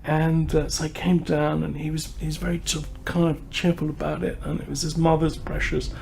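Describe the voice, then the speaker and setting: A man's voice: on the high side, little pitch movement, brisk, creaky, darkish tone, slight background noise. A man hosts a wine tasting, telling a story in a chatty, rambling way full of fillers and restarts. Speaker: wine society host. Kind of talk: casual anecdote and wine tasting talk.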